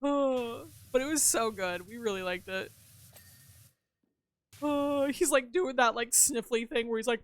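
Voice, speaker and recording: A chatty young woman with a high, light voice, streaming a game and talking off the cuff. She swears freely and answers comments from her chat as she plays. Her talk is loose and conversational. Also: a little slow. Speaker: gaming streamer. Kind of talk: casual chat while playing a game.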